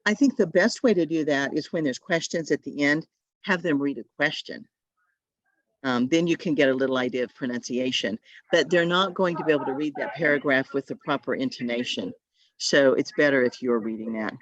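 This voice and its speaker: A woman's voice: extremely low pitch, fairly quick, dry recording. Woman trainer, chatty and advice-giving, over a dull lo-fi call line. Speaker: literacy tutor trainer. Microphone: video call.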